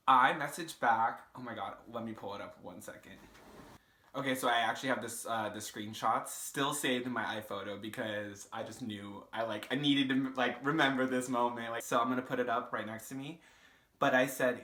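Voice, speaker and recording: A young man in his twenties tells a story to camera in a loose, casual way, full of "like" and curse words. His voice is bright and forward, and it echoes off the walls of a bare room. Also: medium pitch, moderate pace. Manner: casual, swearing, lots of "like" fillers. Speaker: vlogger. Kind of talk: storytime vlog.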